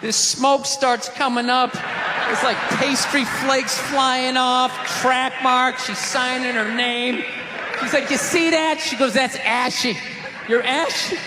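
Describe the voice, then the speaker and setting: A man's voice: very high-pitched, level tone, slow. A man doing a stand-up comedy set on a theater stage, ranting in a profane, exasperated way. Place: theater stage before a live audience. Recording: live theater recording with crowd noise and reverb.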